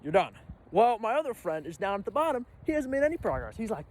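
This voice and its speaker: A young man telling a casual storytime vlog, animated and acting out his own panicked reactions. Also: high voice, brisk. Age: young adult. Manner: animated, acts out his own reactions with sudden loud bursts. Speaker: storyteller vlogger.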